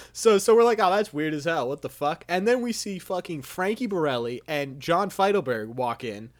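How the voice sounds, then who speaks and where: Animated, profane young man telling stories. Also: on the high side, moderate pace. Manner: rambling, profane, animated storyteller. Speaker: podcast host. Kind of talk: casual podcast storytelling.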